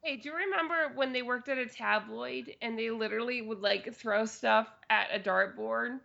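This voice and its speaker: Gravelly bright-voiced wry woman. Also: fairly high pitch, normal speed, lo-fi sound. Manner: wry, joking. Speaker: podcast co-host. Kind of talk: casual movie-riffing podcast chat.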